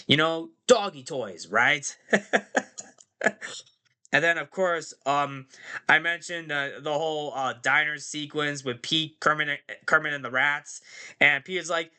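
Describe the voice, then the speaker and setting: Bright-voiced man rambling through a movie review. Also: fairly high pitch, smooth. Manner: rambling, loose, many fillers and tag questions. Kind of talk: casual movie review vlog.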